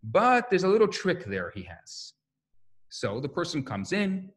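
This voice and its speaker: Rabbi lecturing, lively storyteller, high and very animated voice. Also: male voice, moderate pace. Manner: animated, acts out quotes and stories.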